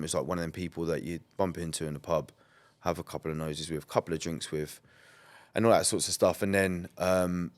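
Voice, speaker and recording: Deep-voiced man telling stories. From England. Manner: rambling, many "like" and "um" fillers, blunt and swearing. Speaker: podcast guest. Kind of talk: candid conversational storytelling.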